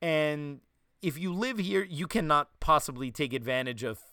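New York guy, podcast host, animated storyteller, a bit higher voice, dry studio sound. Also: normal speed, smooth, dry recording. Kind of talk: casual chat.

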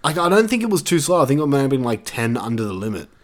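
A man's voice: medium pitch, quick pace. Aussie guy rambling on a podcast, lots of "like", swears a bit, laughs a lot. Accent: Australian. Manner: relaxed, rambling, laughs often, swears casually. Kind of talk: casual chat.

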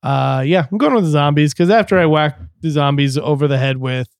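A man's voice: fairly high pitch, a little fast, creaky, no room sound. A man co-hosting a casual podcast chat, laughing often between his remarks. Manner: laughs often, drops to mock whispers. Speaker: podcast co-host.

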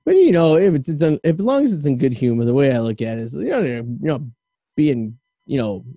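A man's voice: mid-range voice, very animated, a little fast, dark tone, no room sound. A man in his late thirties hosting a podcast, chatting casually and rambling a bit in a self-deprecating way, with lots of "you know" and "I mean". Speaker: podcast host. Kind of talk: casual chat.

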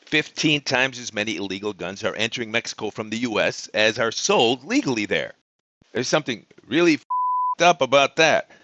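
A man's voice: medium pitch, sharp tone, no room sound, muffled recording. A man delivering a sarcastic, ranting explainer monologue that keeps asking the listener questions. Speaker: vlogger on life in Mexico.

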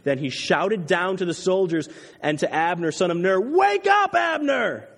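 A man preaching a sermon as pastor, animated, swinging between loud emphasis and hushed intensity. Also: sits high, normal speed. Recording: long hall reverb.

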